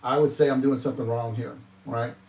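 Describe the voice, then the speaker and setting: A man's voice: medium pitch, fairly even intonation, fairly quick, a little mellow. A man hosting a podcast in casual chat, emphatic and repeating his points for stress. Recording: roomy, off-mic sound.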